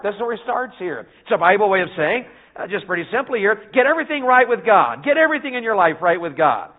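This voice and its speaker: Folksy Southern preacher, high and thin. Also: male voice, very animated, fast, hardly any pauses. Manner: folksy, calls to the congregation, preaches in bursts. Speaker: revival preacher. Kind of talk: revival sermon. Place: church sanctuary. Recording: phone-like narrow band.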